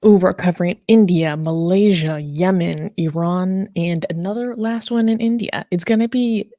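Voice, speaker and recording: A woman's voice: on the low side, normal speed, dark tone, no echo, studio quality. A woman co-hosting a casual livestream chat, bubbly and playfully teasing. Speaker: co-host.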